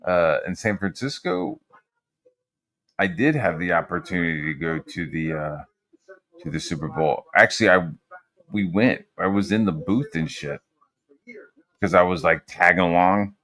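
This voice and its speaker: A man's voice: deep voice, fairly bright tone. A man hosting a casual chat, telling a rambling, profane story with lots of fillers.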